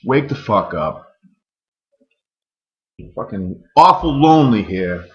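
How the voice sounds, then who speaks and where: A man's voice: lowish voice, big pitch swings, takes it slowly, lo-fi sound. A man in an angry, profane rant, firing off rhetorical questions. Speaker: vlogger.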